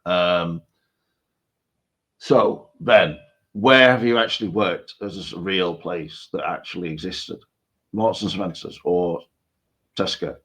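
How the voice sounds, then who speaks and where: A man's voice: low-pitched, slow pace, pauses often, fairly bright tone. A man co-hosting a casual live stream, joking and rambling over a call mic. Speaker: co-host.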